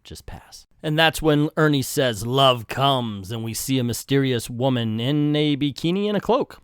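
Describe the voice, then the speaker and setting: A man's voice: mid-range voice, moderate pace, clean tone, no room sound, clean studio sound. A man reviewing comic books in casual commentary with sarcastic asides.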